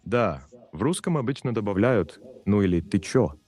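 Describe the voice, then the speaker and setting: A synthetic male assistant voice, calm and even, played through a phone speaker. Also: fairly low pitch, moderate pace, soft background music, close to an everyday voice. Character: male AI chatbot voice speaking Russian.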